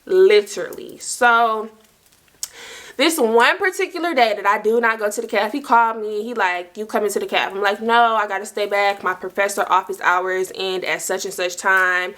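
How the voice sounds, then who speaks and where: A woman's voice: medium pitch, steady tone, moderate pace, fairly bright tone. Chatty young woman telling a story. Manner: chatty, slangy, lots of "like" and asides to "y'all". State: dry mouth. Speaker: storytime vlogger. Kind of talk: casual storytelling to viewers.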